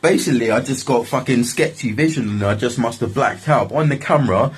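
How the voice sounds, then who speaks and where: A man's voice: mid-range voice, brisk, husky, poor audio. A young man telling a story in a casual, rambling way, swearing often and leaning on filler phrases. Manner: swearing, rambling, repeats "like, literally".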